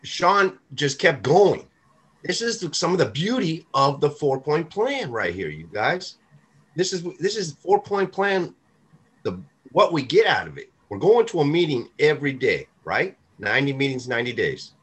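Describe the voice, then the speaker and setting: A man with a husky, slightly raised voice talks about recovery meetings on a casual podcast. His pitch swings widely as he drives his points home with emphatic repetition and the odd swear word. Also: big pitch swings, normal speed, a bit bright. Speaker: podcast co-host. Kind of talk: casual recovery-group chat.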